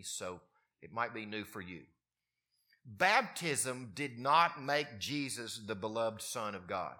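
A man preaching a sermon, his voice moving from quiet, low passages up to emphatic, raised peaks. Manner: wide swings in pitch and loudness, rising to emphatic peaks. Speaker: pastor.

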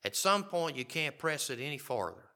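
A man's voice: on the high side, very animated, moderate pace, bright, forceful tone. A middle-aged man preaching a sermon, reading scripture aloud and commenting on it in a conversational way. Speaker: pastor.

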